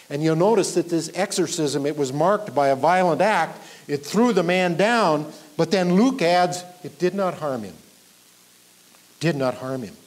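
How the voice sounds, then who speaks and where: A man preaching a verse-by-verse sermon as pastor, building up with emphasis and then dropping low at the ends of lines. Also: a little mellow. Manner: teaching verse by verse, emphatic rises, trailing off low at line ends. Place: church sanctuary.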